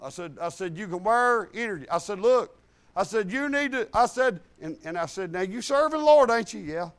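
Preacher guy, high voice, folksy, quotes scripture, tosses in hallelujahs. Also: lively intonation, moderate pace, fairly bright tone. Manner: folksy, retells conversations with God and others; mixes scripture quotes with plain talk, sprinkles hallelujahs. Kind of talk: sermon.

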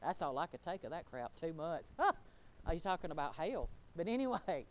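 A middle-aged woman pastor, preaching a fervent sermon that swings between loud exclamations and low, laughing asides. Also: lively intonation, moderate pace.

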